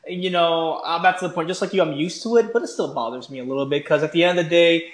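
A man's voice: a little high, quick pace, roomy sound. A man co-hosting a podcast, chatting earnestly and calling his partner "bro". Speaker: podcast co-host. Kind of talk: casual chat.

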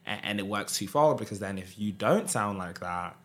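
A young man with a Southern English accent and a lowish voice, talking on a podcast. He lays out his ideas earnestly, building each point with care. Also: animated, normal speed, fairly bright tone. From England. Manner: earnest, explanatory. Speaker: podcast guest. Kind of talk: casual podcast discussion.

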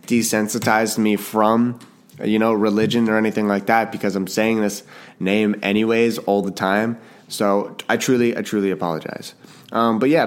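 A man from Canada hosting his own podcast in a casual solo chat, rambling and self-deprecating, often restarting his sentences and apologizing. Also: on the low side. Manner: apologetic, jokey. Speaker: podcast host and author.

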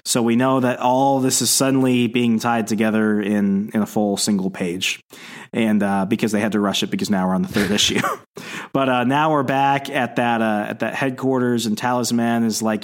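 A man's voice: medium pitch, level tone, normal speed. Man, casual, podcast co-host, retelling a comic, plain quoted lines, easy laughs. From Canada.

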